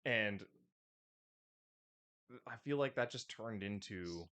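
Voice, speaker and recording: A man's voice: fairly low pitch, animated, slow pace, fairly bright tone, clean tone. A man co-hosting a podcast, joking and teasing in loose banter. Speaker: podcast co-host. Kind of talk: casual chat.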